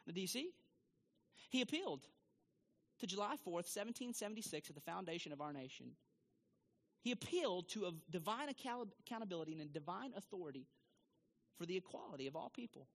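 A man preaching a sermon to his congregation, animated and emphatic, rising to loud peaks and asking the crowd questions. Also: on the high side, a little fast, long reverb tail. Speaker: pastor.

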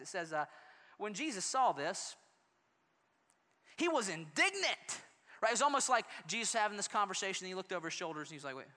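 A pastor delivers a sermon with animated storytelling, dropping soft and then rising loud. The voice is bright and forceful, and it carries a long hall reverb from the sanctuary. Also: medium pitch.

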